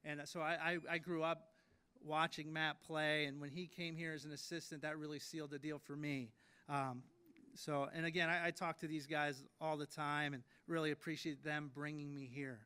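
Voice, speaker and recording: A man's voice: a little high, little pitch movement, moderate pace, sharp tone, clear, resonant tone. A man in his late thirties giving an induction speech at a ceremony, telling stories in a self-deprecating way with many fillers and restarts. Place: ceremony hall.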